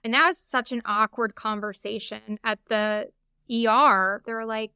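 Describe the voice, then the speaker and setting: Woman guest, candid conversational storyteller; bright, clear tone. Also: a little high, steady tone, normal speed, no echo, clean studio sound. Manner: chatty, open, frequent "like" asides. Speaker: podcast guest.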